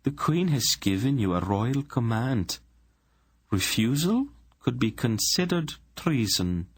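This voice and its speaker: A man voicing a sly female royal adviser who speaks with smooth, purring menace. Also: medium pitch, big pitch swings, slow pace, dry recording, pitched above the performer's own voice, exaggerated voice. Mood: silky threat.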